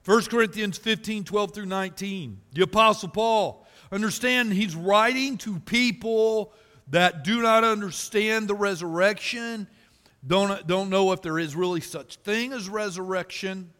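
A man preaching a sermon in a church, telling folksy stories and rising to loud emphasis. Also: high voice, a little slow. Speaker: pastor. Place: church sanctuary. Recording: reverberant hall.

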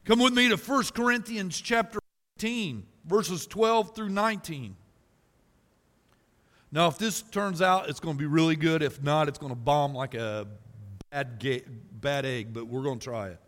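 Pastor, male, high bright voice, folksy and emphatic, big church reverb. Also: measured pace. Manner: folksy storytelling preacher, rises to loud emphasis. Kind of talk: sermon. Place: church sanctuary. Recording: reverberant hall.

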